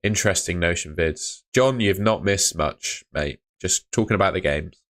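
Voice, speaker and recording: A laid-back young man talks in a low voice. He sounds chatty and easygoing as he reads viewer messages aloud during a live stream. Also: normal speed, a bit bright. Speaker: fantasy football streamer. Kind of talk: casual live-stream chat reading comments.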